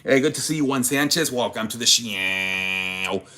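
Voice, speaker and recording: His voice sits on the low side, a little slow and sharp in tone. A young man running a live sports broadcast, he keeps the stream chat casual but rambles and swears once he's fired up.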